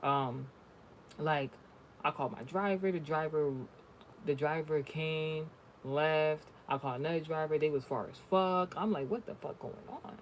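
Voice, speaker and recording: A little slow and fairly high-pitched, this man's voice comes with a bit of hiss or hum. He's a spiritual reader chatting casually, telling stories in a blunt way and swearing freely.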